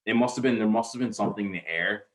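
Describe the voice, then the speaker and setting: Low-voiced rambling podcast guy. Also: very fast. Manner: rambling storyteller, swears freely, restarts sentences. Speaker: podcast co-host. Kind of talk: casual podcast chat.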